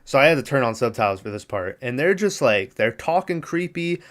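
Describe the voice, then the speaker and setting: A man's voice: medium pitch, big pitch swings, a little fast, fairly bright tone. Rambling man recapping a movie. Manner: rambling, filler-heavy, profane, laughs at the film. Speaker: podcast host.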